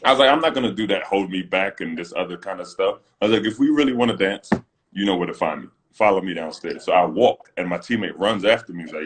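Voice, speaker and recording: Fast and animated, a British man with a deep voice tells stories on a laid-back livestream he co-hosts. The former pro basketballer voices quotes dramatically and laughs often, heard through a phone mic on the stream.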